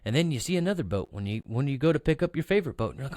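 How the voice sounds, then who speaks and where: A man's voice: a little high, very animated, rapid-fire, few pauses, a little mellow, no echo, studio quality. A man co-hosting a podcast, rambling and joking at his own expense. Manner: rambling, self-mocking filler talk. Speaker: podcast co-host. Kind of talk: casual podcast chat.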